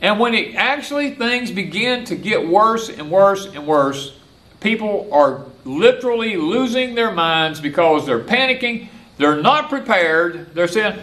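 An older man with a Southern accent preaches from his porch in a folksy, repetitive way. His pitch swings a lot and sits a touch high, and he is recorded outdoors. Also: expressive, a little slow, a bit bright. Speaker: homesteader and former preacher. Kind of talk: porch-side preaching talk.

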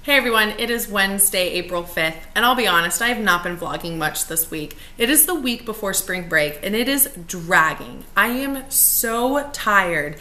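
Bright-voiced chatty woman teacher. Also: medium pitch, lively intonation, moderate pace, few pauses, slight background noise. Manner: chatty and upbeat, sometimes weary and exasperated. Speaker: elementary school teacher. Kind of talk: casual morning vlog.

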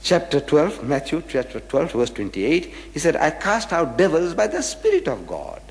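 A man's voice: a little high, huge pitch swings, moderate pace. A man giving a religious lecture, reading scripture verses aloud and explaining them with rhetorical questions. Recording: echoey hall with long reverb.

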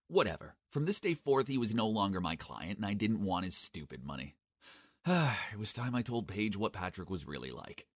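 A young man narrating a first-person animated story in a cocky, sarcastic, expressive way. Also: low-pitched, dry recording, studio quality.

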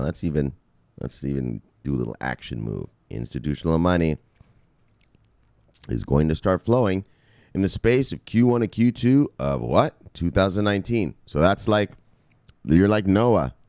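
Deep-voiced man preaching about crypto. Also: dark tone, no echo, clean studio sound. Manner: preachy storytelling, crude and joking. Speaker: crypto video host. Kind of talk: mock-sermon crypto commentary.

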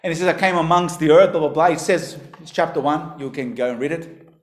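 High-voiced preacher guy, emphatic sermon, roomy echo. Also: fast talker. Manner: emphatic, rises and drops in pitch and volume. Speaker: pastor. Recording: echoey hall.

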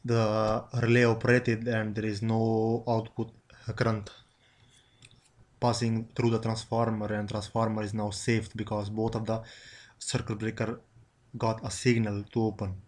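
A man giving a screen-recorded software tutorial, halting, with many pauses and fillers. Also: lowish voice, completely flat delivery. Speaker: instructor.

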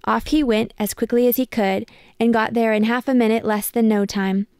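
A woman reads a picture book aloud in a measured, expressive way. Her voice is a little high, gravelly yet smooth, and recorded close and dry. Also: no echo. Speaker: storybook reader.

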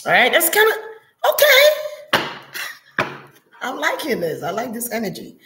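A woman's voice: on the high side, wildly swooping pitch, a little slow, pauses often, echoey room, noisy background. A woman giving a spiritual reading as a monologue, talking intensely and repeating prayer words like a chant. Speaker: spiritual reader.

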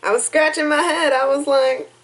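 A young woman reacting casually to a music video at home, chatty, excitable and openly emotional, rambling as she thinks aloud. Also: high-pitched, normal speed. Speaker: YouTube reaction vlogger.

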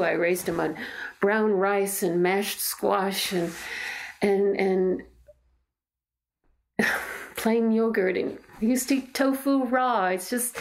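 Creaky-voiced mother, earnest and halting. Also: mid-range voice, darkish tone. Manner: earnest, halting, reflective storytelling. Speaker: mother telling her story. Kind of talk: documentary interview testimony. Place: in her own home.

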